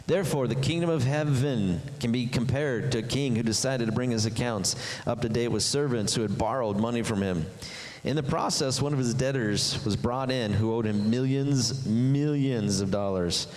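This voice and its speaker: A man delivers a sermon as a pastor, mid-pitched and animated. He jumps high in pitch when acting out voices. His voice rings with the long reverb of a large hall. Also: normal speed.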